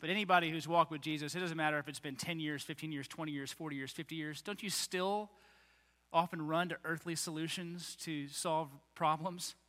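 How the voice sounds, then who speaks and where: A man preaching a sermon as a pastor, animated and acting out the voices of the people he quotes. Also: on the high side, brisk. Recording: long reverb of a large hall.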